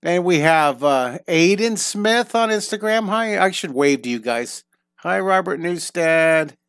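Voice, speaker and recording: A man's voice: high-pitched, expressive, slow, a bit bright, clear, resonant tone, no room sound. Male art teacher, middle-aged, cheerful and encouraging, rambling restarts, tenor-ish, dry close mic. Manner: upbeat, encouraging, thinks aloud with many restarts. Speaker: drawing teacher. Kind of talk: live online drawing lesson.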